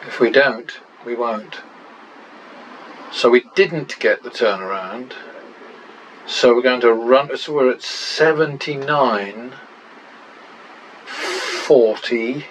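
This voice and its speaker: A man's voice: medium pitch, slow, long pauses, a little hiss or hum, low-quality recording. A man and channel host talking through practice casino betting, muttering running tallies with wry exclamations.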